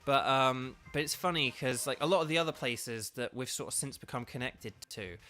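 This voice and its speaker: A man's voice: medium pitch, normal speed, pushed and bright. A man from England, chatting casually as he streams a game, rambling with lots of fillers and restarts. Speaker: streamer and voice actor. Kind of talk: casual let's-play commentary.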